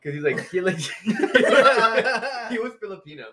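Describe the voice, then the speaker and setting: A man's voice: high-pitched, sing-song, measured pace, a loud crowd. A young man telling loose, slangy stories in a casual chat, laughing often.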